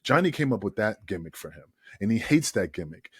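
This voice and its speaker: A man with a husky, breathy voice, recorded dry and close with no room sound. He tells a rowdy story like a casual podcast guest. He laughs often and swears freely. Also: fairly low pitch, sing-song, fairly quick, dry recording. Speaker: guest, former wrestler. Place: podcast studio.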